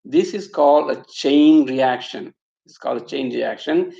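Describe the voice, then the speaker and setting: Ein Mann mit indischem Akzent hält einen spirituellen Vortrag und erzählt anschaulich eine Lehrgeschichte. Seine Stimme ist leicht knarzig, der Raum klingt hallig. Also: male voice, medium pitch, unhurried, creaky, dark tone. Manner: storytelling, acts out quotes, rhetorical asides. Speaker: spiritual teacher. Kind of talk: satsang talk with storytelling. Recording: echoey room, slightly dull sound.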